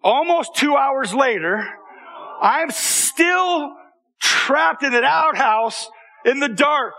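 A man telling a personal story to an audience in a lively, conversational way, often checking in with the listeners. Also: very high-pitched, takes it slowly. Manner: animated, conversational, with repeated restarts and audience asides. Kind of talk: storytelling talk.

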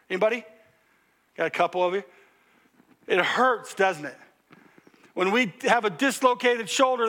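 An older male pastor preaching a sermon, joking and animated, calling out to the congregation and now and then breaking into loud exclamations. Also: sits high.

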